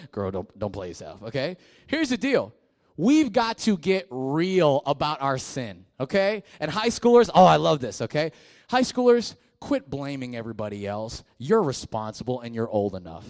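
Male youth preacher, very lively swooping delivery, jokey, call-and-response. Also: high-pitched, moderate pace. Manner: animated, jokey, shouting key words. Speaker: youth pastor and guest speaker. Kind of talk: energetic call-and-response sermon.

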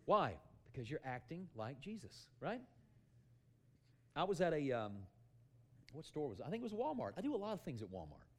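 Brief: middle-aged male preacher, loud animated storytelling, lively swooping pitch, higher than most men. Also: moderate pace, long pauses. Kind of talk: sermon.

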